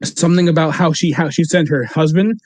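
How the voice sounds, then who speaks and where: Young man, casual podcast storytelling, slightly high voice, dry close sound. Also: steady tone, fairly quick, darkish tone, dry recording. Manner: laid-back, laughs often, acts out quotes. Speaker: podcast co-host.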